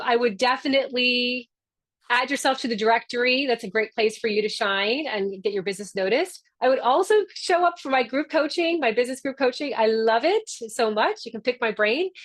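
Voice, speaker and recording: A woman's voice: a little high, a bit bright. A woman, the founder hosting a membership session, talking in a chatty, upbeat and encouraging way over a video call. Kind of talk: casual webinar talk.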